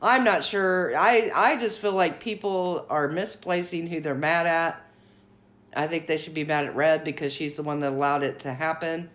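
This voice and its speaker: A woman's voice: low voice, steady tone, normal speed, a bit bright. A woman hosting her own commentary vlog, giving blunt, outspoken opinions in a casual talking style. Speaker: commentary channel host.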